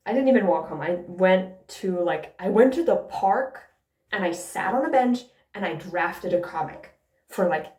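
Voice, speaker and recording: Woman, mid-pitched, sarcastic storytime vlogger who swears freely, recorded in an echoey room. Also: lively intonation, normal speed, darkish tone. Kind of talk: casual ranting storytime. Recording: roomy echo.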